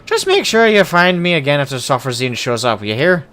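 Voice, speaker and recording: A man's voice: a little high, very animated, brisk, a bit bright, soft background music. A man voicing a jovial, hard-drinking male dwarf adventurer in a put-on Irish accent, hearty and boastful. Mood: teasing. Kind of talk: voicing game dialogue aloud.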